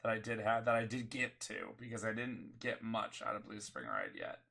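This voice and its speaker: Young guy hosting, blunt, tense bright tone. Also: on the low side, expressive, moderate pace, vocal fry. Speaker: host. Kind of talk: casual chat.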